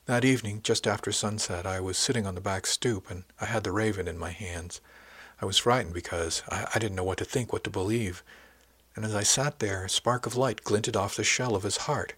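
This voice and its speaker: A man voicing a frightened young village wife who speaks softly and hesitantly, with a husky voice. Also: fairly low pitch, a little fast, dry recording.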